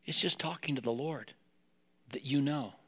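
A man's voice: on the high side, moderate pace, pushed and bright. A man preaching a sermon as a pastor, talking plainly and directly to his congregation.

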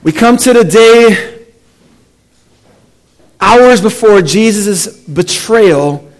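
A man with a notably high voice leads a congregation through a scripture passage, reading deliberately and inviting them to speak lines with him. He lets his voice fall quiet and low on the heaviest verses, in the manner of a church sermon. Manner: reads slowly, dropping to a hushed, low delivery at key lines. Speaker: pastor. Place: church sanctuary.

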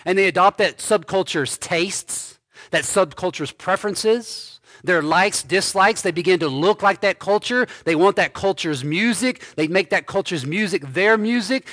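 A male pastor preaching a sermon slowly and emphatically, repeating key phrases. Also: high-pitched, fairly bright tone, dry recording, clean studio sound.

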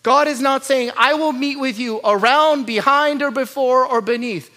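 A male pastor preaching with a high, bright voice. He drops into low, quiet asides, then climbs into loud, urgent pleading. He asks question after question and stacks repeated lines. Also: moderate pace. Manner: rhetorical questions and repeated lists. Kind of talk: sermon.

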